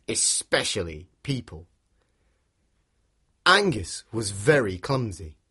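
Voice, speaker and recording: A husky-voiced man tells a children's story at an unhurried pace. His pitch swings widely as he plays with the words and keeps asking young listeners to join in. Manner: playful, animated, prompts listeners to join in. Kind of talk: interactive story narration for children.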